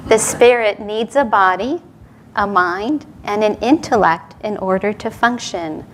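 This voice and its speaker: A woman's voice: mid-range voice, slow, slight background noise. A middle-aged woman from New York City giving a Sunday service talk, telling stories and chuckling between lines. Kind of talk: sermon with told stories and jokes.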